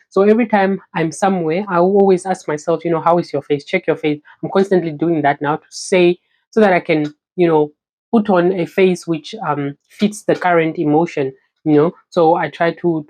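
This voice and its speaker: A young woman from Namibia talks straight to her camera in an easygoing vlog. Her voice sits a little low, and she chats loosely, filling her sentences with "you know.". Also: darkish tone. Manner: chatty, many "you know" fillers. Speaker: vlogger. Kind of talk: casual talking-to-camera vlog.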